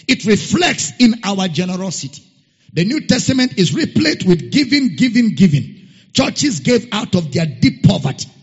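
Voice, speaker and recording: A pastor preaching a sermon, emphatic and repetitive, sometimes singing words. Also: male voice, sits high, sing-song, moderate pace, breathy edge. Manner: emphatic, repeats key phrases, sings some words. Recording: dull lo-fi recording in a reverberant hall.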